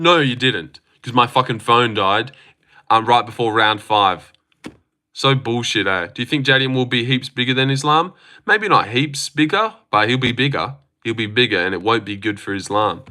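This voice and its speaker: An Australian man chatting casually on a live stream, excitable and swearing freely as he answers chat comments aloud. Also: medium pitch, normal speed.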